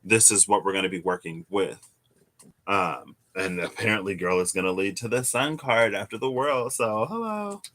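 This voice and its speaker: A young man giving a casual, musing tarot reading, animated at times with sudden high exclamations. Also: moderate pace. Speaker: tarot reader. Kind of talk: casual reflective monologue.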